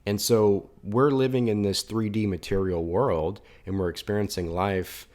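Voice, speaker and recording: A man with a deep, low voice gives an earnest, reflective spiritual monologue as a coach. He thinks aloud, repeating and restarting his phrases as he goes. He speaks into a desk microphone in an indoor room. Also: fairly even intonation, normal speed, darkish tone.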